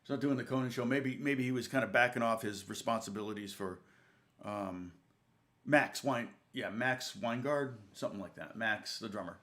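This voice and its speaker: Male guitar teacher, mid-pitched voice, loose anecdotal delivery, stops often to correct himself. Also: moderate pace, a bit bright. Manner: rambling, self-correcting, chuckling anecdote. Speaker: guitar teacher and channel host. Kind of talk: casual storytelling in a lesson.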